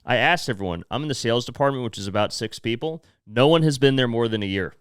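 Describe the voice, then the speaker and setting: A young man with a smooth, resonant voice co-hosts a comedy podcast. He tells work stories in loose, casual chat and slips into the voices of the people in them. The sound is close and dry, with no room around it. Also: mid-range voice, expressive, fast, dry recording. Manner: storytelling, acts out an angry boss. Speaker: podcast co-host.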